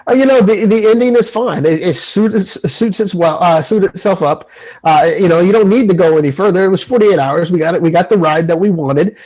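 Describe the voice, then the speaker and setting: Male podcast co-host, slightly high voice, rambling and enthusiastic. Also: a little fast, darkish tone, low-quality recording. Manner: rambling, filler-heavy, enthusiastic. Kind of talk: casual movie review chat.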